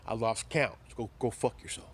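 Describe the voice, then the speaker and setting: A man's voice: medium pitch, fairly even intonation, fairly bright tone, slight background noise. A man delivering a profane, confrontational ranting monologue as a commentary vlogger, often stumbling and repeating himself. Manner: profane, confrontational, halting repetitions.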